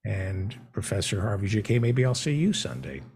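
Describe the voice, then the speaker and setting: Brief: male talk host, husky, deadpan joker, lively swinging pitch. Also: moderate pace. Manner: deadpan mock-naive joking. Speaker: show host. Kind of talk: comedic talk show banter.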